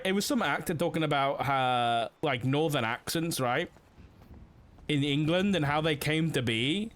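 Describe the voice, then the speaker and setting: A man with a fairly high, slightly bright voice streams a police roleplay game in which he plays an officer. He rambles casually, swearing freely and filling his talk with lots of fillers.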